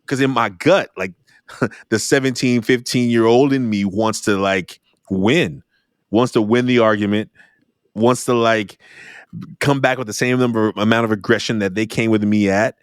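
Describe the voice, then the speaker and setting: A middle-aged man hosting an interview podcast, talking in a lively storytelling way. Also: moderate pace, no echo, clean studio sound. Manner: animated storyteller, jumps high when acting out exchanges. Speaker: podcast host. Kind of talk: conversational interview.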